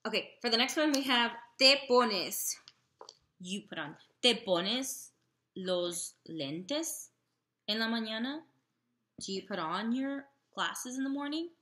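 Slow, patient woman teaching. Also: on the high side, lively intonation, bright, forceful tone. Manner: slow, deliberate, with many fillers; models Spanish phrases slowly and carefully. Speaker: Spanish teacher.

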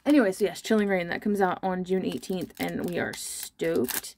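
A woman's voice: fairly low pitch, a little mellow, a little hiss or hum. A young woman chatting casually and self-deprecatingly while she opens trading card packs on her channel. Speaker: card-opening vlogger.

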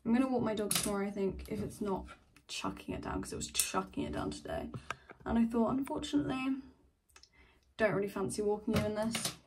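A woman's voice: mid-range voice, big pitch swings, a little fast, distant mic, noisy background. A young woman in her twenties chatting casually in a home vlog, rambling, trailing off and swearing freely. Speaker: vlogger. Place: home, indoors.

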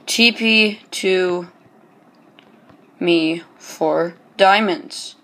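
Drawing out his words in a high, bright, forceful voice, a man jokes his way through casual gameplay commentary as host of his own channel. He's chatty but hesitant, stumbling over many ums and restarts.

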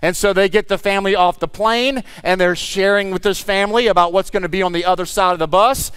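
Male guest pastor, high clear voice, storytelling sermon that drops into prayer. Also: fairly even intonation, fast talker. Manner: storytelling, acts out voices, shifts into soft prayer.

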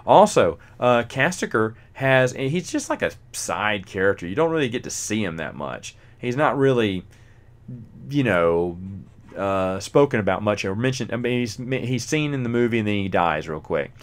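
A man's voice: fairly low pitch, sing-song, normal speed. A man hosting a solo podcast, chatting casually about a book, rambling with lots of fillers and chuckling often. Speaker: podcast host reviewing a book.

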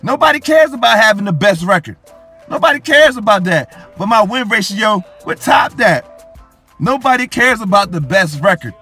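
A young man calls his own football video game match in a high, bright voice. He brags and hypes himself up, circling back to the same catchphrases again and again. Soft music runs faintly in the background. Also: big pitch swings, moderate pace, husky. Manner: hyped, boastful, repeats phrases ending in "coach" and "yo". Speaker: gaming YouTuber. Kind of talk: live gameplay commentary.

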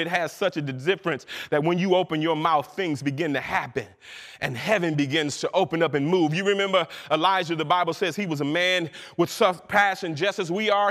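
A man delivering a fervent sermon in a high, ringing voice that climbs into shouts and stretches out key phrases. His words carry a long reverb, as if filling a large church hall. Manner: fervent preaching, rising to shouts with drawn-out phrases. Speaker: minister.

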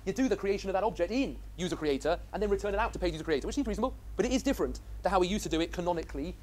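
Teaching a programming class, this male instructor talks rapid-fire in a high, darkish voice with lively intonation, and a little hiss or hum sits in the recording. It's a live coding lecture, delivered with enthusiasm and frequent questions to the class.

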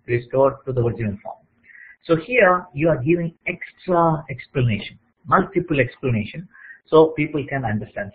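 A man's voice: mid-range voice, slightly rough. A man explaining lecture slides, checking in often with "okay?" and "right?" as he teaches. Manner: plain teaching tone with frequent "okay?" check-ins. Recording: tinny phone-like audio.

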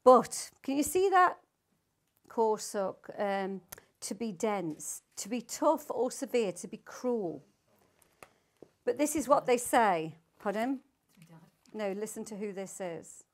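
A woman's voice: a little high, lively intonation, slow. Older woman teaching the Bible. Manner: emphatic, asks the group questions, reads scripture aloud.

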